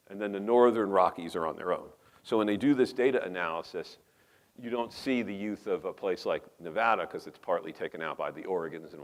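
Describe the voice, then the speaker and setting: A middle-aged man with a New York accent lectures at a conference. His voice sits on the low side. He talks emphatically, wanders into asides and keeps firing rhetorical questions at the audience. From New York metropolitan area. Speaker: conference speaker. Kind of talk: lecture presentation. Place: conference hall.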